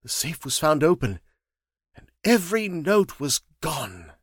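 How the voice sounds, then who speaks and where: A man's voice: a little high, big pitch swings, measured pace, husky, no room sound, studio quality, pitched above the performer's own voice, exaggerated voice. A man voicing an anxious middle-aged male bank manager in an audiobook, speaking earnestly and with agitation. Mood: grieving. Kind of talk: audiobook character reading.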